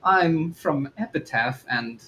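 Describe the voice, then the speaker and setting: A man's voice: fairly high pitch, animated, slow, bright, forceful tone, poor audio. A man playing a tabletop game, speaking hesitantly in character as a performer. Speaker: player. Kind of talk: in-character tabletop role-play.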